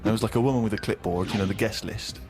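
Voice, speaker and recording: A man's voice: fairly low pitch, steady tone, rapid-fire, music in the background. A man telling a self-mocking comic story, acting out other people's lines and laughing at himself. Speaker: co-host of a comedy podcast.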